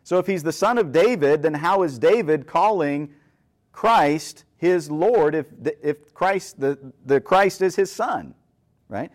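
A man's voice: a little high, animated, a little slow. A man preaching a sermon, reading scripture and explaining it conversationally, often asking the listeners questions and checking in with "right?". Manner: conversational, asks rhetorical questions, frequent "right?".

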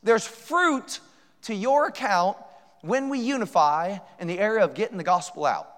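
Middle-aged male pastor, high voice, quick animated sermon delivery, long hall reverb. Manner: animated, acts out quoted voices. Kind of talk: sermon storytelling.

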